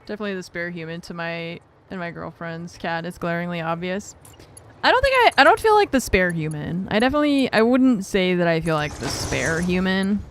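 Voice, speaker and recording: A woman's voice: lowish voice, expressive, fairly quick, slight background noise. A woman streaming a game, chatting casually and self-mockingly with viewers and her cat, laughing often. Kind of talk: casual live-stream chat while gaming.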